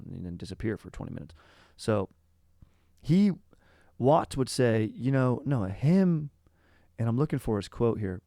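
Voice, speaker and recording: A young male podcast host with a lowish voice rambles loosely through a history chat. His talk is slangy and laid-back, full of "dude", and he keeps drifting sideways. The sound is dry and close, with no room echo. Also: animated, moderate pace, vocal fry, dark tone. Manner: slangy and laid-back, says "dude" constantly, wanders off topic.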